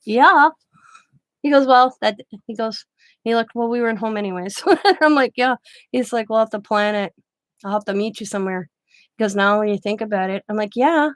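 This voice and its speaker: A woman's voice: fairly high pitch, normal speed, fairly bright tone, dry recording. A middle-aged woman hosting a craft livestream, chatting casually and rambling through anecdotes while she works. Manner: rambling anecdotes, quoting others in her own voice. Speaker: craft channel host.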